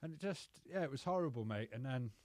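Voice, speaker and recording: Bloke rambling through stories, lots of swearing and "mate", dry sound, middle pitch. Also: male voice, expressive, quick pace, a little mellow, no room sound. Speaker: podcast guest. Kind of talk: casual storytelling.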